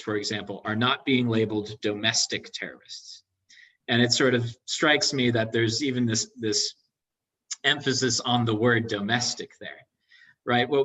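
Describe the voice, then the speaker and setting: A man's voice: medium pitch, fairly bright tone. A man in the audience making a comment in an academic Q&A, hesitant and full of fillers. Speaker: audience member asking a question. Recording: voice distant from the mic.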